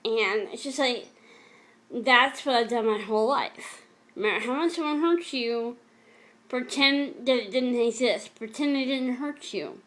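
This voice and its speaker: Halting, emotional woman telling her story. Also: on the high side, a bit bright. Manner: emotional, halting, repeats herself. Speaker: vlogger. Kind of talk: personal storytelling vlog.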